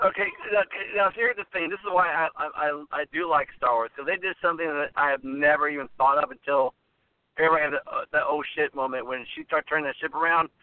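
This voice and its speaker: A man co-hosting a podcast in casual chat, excitable and rambling, sometimes searching for words. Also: fairly high pitch, fast, dry recording. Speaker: podcast co-host. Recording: tinny phone-like sound.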